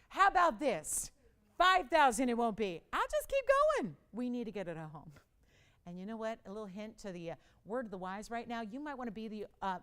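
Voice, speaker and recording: A young woman hosting a live jewelry sale on shopping TV, chatting away and poking fun at herself between bids. Her voice is fairly high and smooth. She pleads for bids with lots of theatrical flair. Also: fairly bright tone. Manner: chatty, self-mocking, dramatic pleas with laughter.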